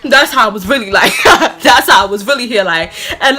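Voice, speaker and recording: A young woman telling a personal story in a casual storytime vlog, animated and rambling, with lots of fillers and laughs. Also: a little high, moderate pace. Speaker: vlogger.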